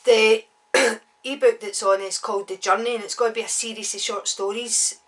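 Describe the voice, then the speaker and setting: A woman's voice: a little high, fairly even intonation, moderate pace, distant mic. A Glaswegian woman in her forties, an author chatting bluntly and swearing freely as she tells a story in a casual vlog.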